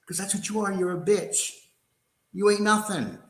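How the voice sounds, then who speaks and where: An older man hosting a livestream rants furiously in a high, very animated voice at a moderate speed, swearing, sparring, and mocking. A slight hiss or hum sits under the echoey room sound.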